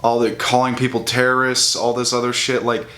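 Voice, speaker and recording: A young man rants straight to camera in a heated, profane way. His voice sits at an ordinary middle pitch, and he stumbles and restarts as he builds his case. He speaks like a casual vlogger, mocking the people he disagrees with. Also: monotone, a little fast, pushed and bright. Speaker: bodybuilding vlogger. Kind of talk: ranting casual commentary.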